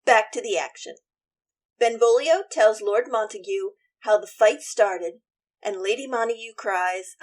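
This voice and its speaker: A woman who teaches and hosts a podcast retells a play in a casual literature lesson, her voice on the high side and her pace measured. She's chatty and opinionated, performing every character herself.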